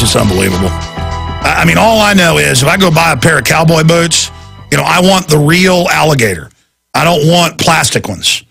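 A man's voice: a little high, vocal fry, bright, forceful tone, husky. A man hosting a talk radio show, delivering a heated, rambling and indignant monologue.

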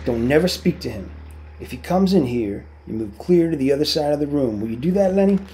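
A man reading aloud, voicing a worried, protective ranch hand who gives quick, urgent warnings. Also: a little high, expressive, warm tone, close to an everyday voice.

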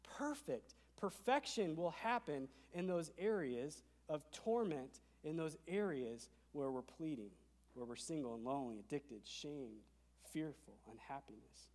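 A man with a slightly high voice preaches to his congregation, pressing each point with emphasis. He drops to a hush, then climbs loud again. His voice rings with long reverb through the church sanctuary. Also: lively intonation, measured pace. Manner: emphatic, swings between soft and loud. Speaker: pastor. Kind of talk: sermon.

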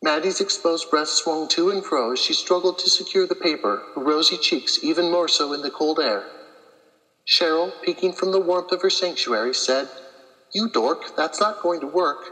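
A woman reads from her own novel in a steady, careful narration. Her voice is bright with a sharp edge, and it carries a long reverb as if she were reading in a large, echoey room. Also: low-pitched. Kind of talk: scripted narration.

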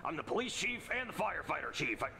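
A man's voice: a little high, very animated, fast talker, gravelly, pushed and bright, slight background noise, heavily acted. A man voicing a sleepy, hapless firefighter with a Brooklyn accent, stammering and whiny, in a puppet comedy. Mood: stunned.

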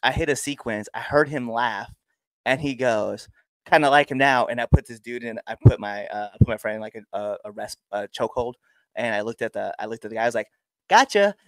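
A man's voice: a little fast, no room sound. A young man, a pro wrestler, telling stories casually and acting out crowd exchanges. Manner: animated storyteller, acts out crowd exchanges with big pitch jumps. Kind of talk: casual storytelling interview.

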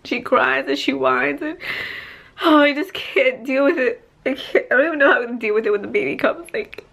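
A woman's voice: sits high, normal speed, vocal fry, a bit bright, low-quality recording. Candid rambling young woman vlogger. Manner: candid, rambling, sighs and trailing off. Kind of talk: casual vlog talk to camera. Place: family home indoors.

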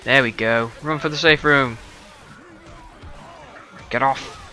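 A man's voice: mid-range voice, fairly even intonation, takes it slowly, sharp tone, soft background music. A man giving sarcastic, exclaiming commentary while playing a video game. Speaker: gaming video host. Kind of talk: let's play commentary.

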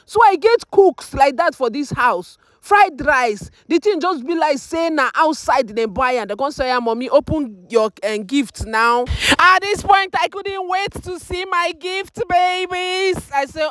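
A Nigerian woman tells the story in a high voice that keeps breaking into exclamations. The sound is dry and close, with no room around it. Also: expressive, unhurried, hardly any pauses, fairly bright tone, no echo. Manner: exclaiming, mixes Pidgin into English. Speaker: mother narrating her birthday. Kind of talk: emotional voice-over narration.

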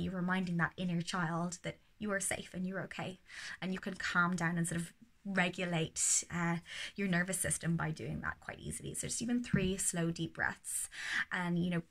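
Low-voiced woman giving gentle parenting advice. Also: vocal fry. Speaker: parenting educator. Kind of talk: casual advice to camera.

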